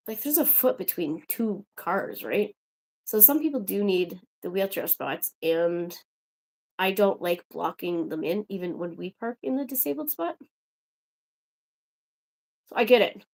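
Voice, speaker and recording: A woman's voice: medium pitch, darkish tone. A young woman hosting a casual livestream, chatting to viewers in a rambling, exasperated way. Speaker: livestream host.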